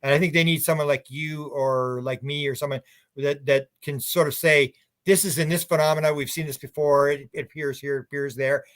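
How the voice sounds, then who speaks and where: Male guest, higher-pitched man, rambling anecdotal talker. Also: fairly even intonation, brisk. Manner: rambling, anecdotal, many restarts. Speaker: UFO researcher guest. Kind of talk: casual radio interview chat.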